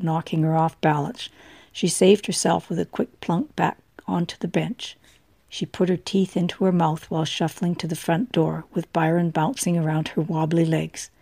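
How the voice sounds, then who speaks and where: A woman narrating an audiobook in a measured way, her low voice carrying a gravelly texture and a dark, mellow tone. The recording is dry and close, with no room sound. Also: no echo.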